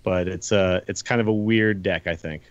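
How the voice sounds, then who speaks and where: A man's voice: deep voice, fairly even intonation, moderate pace, no echo, muffled recording. A man co-hosting a podcast in a casual, enthusiastic chat, rambling a little and laughing as he talks. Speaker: podcast co-host. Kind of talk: casual gaming discussion.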